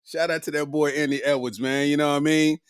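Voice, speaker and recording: A man's voice: on the high side, steady tone, fast, clean tone, no room sound, clean studio sound. A man hosting a comedy podcast, riffing in a loose, slangy monologue and laughing often.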